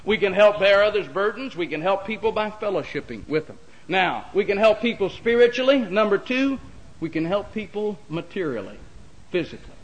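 High-voiced preacher man. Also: big pitch swings, a little fast, poor audio. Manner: folksy, repetitive preaching with call-and-response amens. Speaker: pastor. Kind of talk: sermon.

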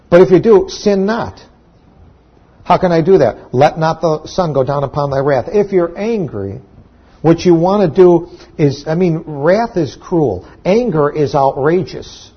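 A man's voice: a little high, husky, lo-fi sound. A man preaching a sermon to his church, talking in a conversational way with restarts and sudden emphatic peaks. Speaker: pastor.

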